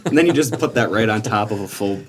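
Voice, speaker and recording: A man's voice: fairly low pitch, lively intonation, fast, breathy edge. A man hosting a podcast, telling stories in casual chat and laughing often. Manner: laughing storyteller.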